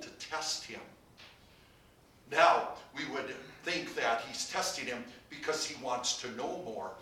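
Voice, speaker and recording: A man's voice: medium pitch, sharp tone, a little hiss or hum. A male pastor preaching a sermon, asking the congregation one rhetorical question after another. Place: church sanctuary. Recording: echoey church heard from far off.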